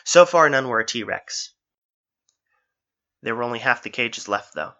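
A man reads an adventure story aloud in a steady, engaged manner. His voice is very bright and sharp at an ordinary pitch, and the recording sounds dull and lo-fi. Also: unhurried. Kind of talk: audiobook-style story narration.

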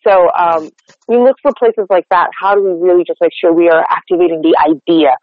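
An American male dialect coach with a high voice appears as an interview guest explaining technique. He's animated and explanatory, demonstrating lines aloud and using many fillers like "like," at a fairly quick pace. The recording is dry, narrow, and tinny.

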